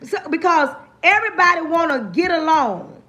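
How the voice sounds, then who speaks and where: Speaking at a moderate pace, this livestream host has a very high, animated voice that sounds bright and forceful. She lectures her audience with insistent, repeated life advice in a preachy motivational style, frequently pausing to check on her listeners.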